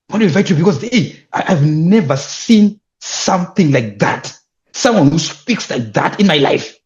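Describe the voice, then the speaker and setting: A young man with a Zimbabwean accent telling his story as an interview guest, animated and emphatic, repeating words when excited. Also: high-pitched, moderate pace, dull audio. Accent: Zimbabwean English. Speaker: guest, youth leadership speaker.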